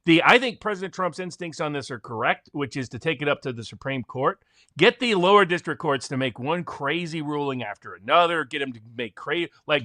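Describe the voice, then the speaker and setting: A man, a constitutional attorney, co-hosting animated political commentary in a forceful, ranting manner. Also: a little high, brisk, dry recording. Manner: forceful, ranting, mocking quotes.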